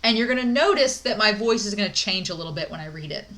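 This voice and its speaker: A woman's voice: mid-range voice, animated, quick pace, a bit bright. A young woman giving a recorded college English lecture, chatty and upbeat with many "um"s and "like"s.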